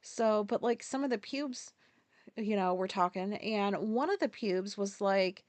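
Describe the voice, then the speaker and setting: A woman rants into a close podcast mic in a casual solo monologue. Her voice sits a little high and sounds dry, with no room around it. She swears freely and sounds fed up. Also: normal speed, no echo. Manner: profane, exasperated ranting. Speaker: podcast host.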